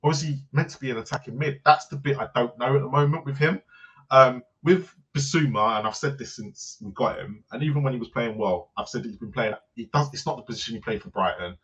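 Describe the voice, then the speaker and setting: A man co-hosting a casual football debate, chatty and quick to laugh. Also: medium pitch, fairly bright tone, lo-fi sound. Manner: chatty, laughs often, agreeable. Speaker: football podcast co-host.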